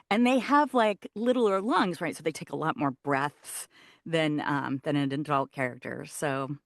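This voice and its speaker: A woman audiobook narrator, a guest in a casual interview, explaining her work in an animated way. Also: low-pitched, a little slow, gravelly, no echo, studio quality. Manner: animated, shows voice placement while explaining.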